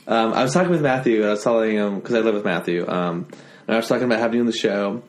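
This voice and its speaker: Man, podcast host, low voice, casual, swears a lot, joking. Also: racing. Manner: loose, profane, joking.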